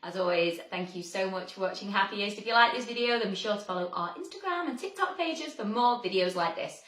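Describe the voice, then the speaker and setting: A woman's voice: medium pitch, animated, fairly quick, fairly bright tone. A woman hosting a video show, delivering scripted narration with chatty commentary between clips. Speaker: show host. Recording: echoey narration with light music.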